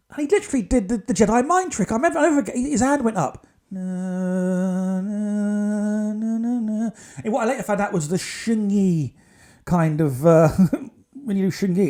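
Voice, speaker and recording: Higher-voiced man telling stories. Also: darkish tone. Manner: chatty, digressive, wry asides. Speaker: podcast host. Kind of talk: casual podcast storytelling.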